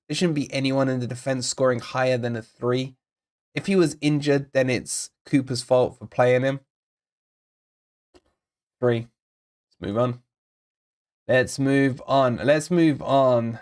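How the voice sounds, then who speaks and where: A young man hosting a fan channel, giving sarcastic, exasperated player ratings and reading out viewer comments while recovering from covid. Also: mid-range voice.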